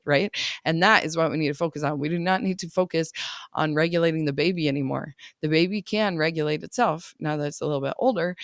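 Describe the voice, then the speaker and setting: Gravelly-voiced woman life coach chatting. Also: low voice, no echo, studio quality. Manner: chatty, often laughs, keeps asking "right?". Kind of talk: casual coaching podcast talk.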